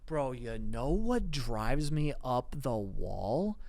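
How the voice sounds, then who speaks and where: A man's voice: medium pitch, sing-song, slow pace, vocal fry, a little mellow. A man co-hosting a podcast, talking casually and playfully with lots of fillers. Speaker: podcast co-host. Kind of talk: casual chat.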